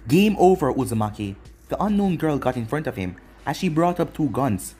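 A man's voice: fairly high pitch, sing-song, brisk, darkish tone, breathy edge, soft background music. A man narrating a fan fiction story aloud in a plain storybook reading.

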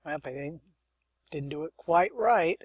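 A woman's voice: deep voice, lively intonation, unhurried, a little mellow, husky, no echo. A young woman hosting a let's-play, chatting and thinking aloud as she plays, with muttered asides. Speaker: gaming channel host. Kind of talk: let's-play game commentary.

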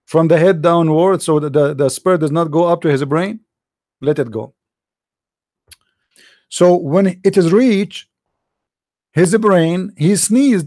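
Unhurried and full of long pauses, a high-sitting, darkish voice belongs to an online religious commentator with an Arabic accent, not a native English speaker. He reads from a screen in a sarcastic, incredulous, mocking monologue and imitates sneezes. The audio is studio quality, with no room sound.

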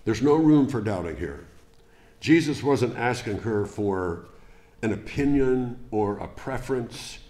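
A man preaching a sermon as pastor, deliberate and emphatic, with rhetorical questions to the congregation. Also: medium pitch, lively intonation, dark tone. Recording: echoey church room.

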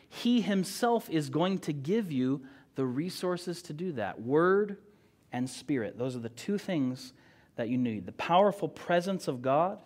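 A male pastor preaching a sermon, moving between loud emphatic declarations and quiet, conversational asides. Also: medium pitch. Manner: conversational, with frequent "right?" and "you know".

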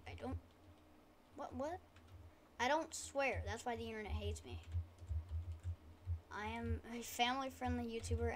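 A woman gaming YouTuber giving casual, rambling gameplay commentary, talking quietly and poking fun at herself, at a desk mic at home. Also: a little high, slight background noise. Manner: rambling, self-deprecating, trying to talk quietly.

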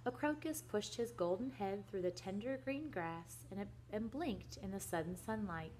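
A young woman reading a children's book aloud in a soft, gentle voice that at times drops almost to a whisper. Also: mid-range voice, lively intonation, normal speed, slight background noise. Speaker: reader to children.

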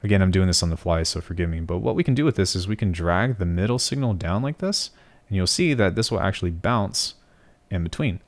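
Low-voiced man thinking aloud while teaching. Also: animated, brisk. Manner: thinks aloud, corrects himself often. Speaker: music production tutor. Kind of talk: screen-recorded software tutorial.

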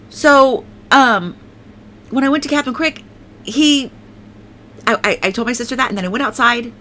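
A woman giving a heartfelt Christian testimony to camera, emotional and repetitive, with frequent restarts and pauses. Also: fairly high pitch, bright, forceful tone, slight background noise. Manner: emotional, repeats words, many restarts. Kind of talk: personal testimony talk.

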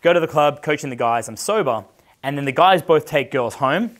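With a fairly high, animated voice at normal speed, this man spins loose stories as a dating coach. He's brash and foul-mouthed, laughs often, and imitates the people he describes.

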